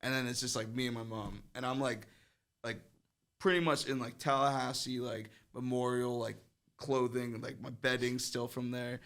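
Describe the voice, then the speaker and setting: A man's voice: mid-range voice, level tone, moderate pace, fairly bright tone. A young man guesting on a podcast, telling a story in a rambling, casual way, full of fillers and swearing.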